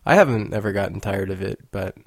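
A man's voice: low-pitched, quick pace, gravelly, dry recording, clean studio sound. A young man hosting his own podcast, talking in a playful, rambling, joking way. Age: young adult. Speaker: podcast host. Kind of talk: casual monologue.

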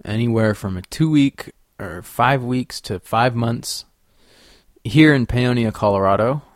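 A young man from Sacramento hosting a solo podcast, rambling and profane, swinging between quiet musing and loud ranting. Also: medium pitch, unhurried, no room sound, clean studio sound. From Sacramento, California. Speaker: podcast host.

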